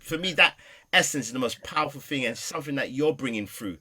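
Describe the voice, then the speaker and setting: Bright, passionate middle-aged man. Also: medium pitch, fast. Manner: passionate, animated, swings between loud and soft. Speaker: podcast guest. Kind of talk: emotional personal storytelling.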